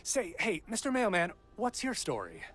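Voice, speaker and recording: An actor playing an impatient, sarcastic TV reporter who blusters and complains about being stranded. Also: male voice, medium pitch, very animated, normal speed, fairly bright tone, slightly rough. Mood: irritable. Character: abrasive big-city male TV reporter, impatient.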